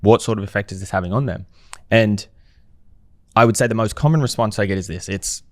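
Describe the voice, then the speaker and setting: A man's voice: on the low side, brisk, dry recording, studio quality. A man speaking as a guest on a podcast, talking reflectively and posing rhetorical questions in a casual conversation.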